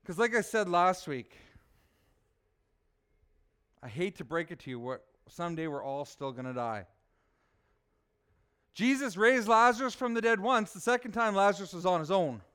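A male pastor delivers a sermon in a high, smooth voice. He leans on rhetorical questions, dropping low and quiet, then rising to loud, emphatic points. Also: expressive, moderate pace, long pauses. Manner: rhetorical, asks "right?", swings soft to loud.

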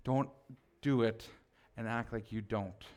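A man preaching a sermon as pastor, animated and teasing, chatting with his congregation. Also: mid-range voice, slow.

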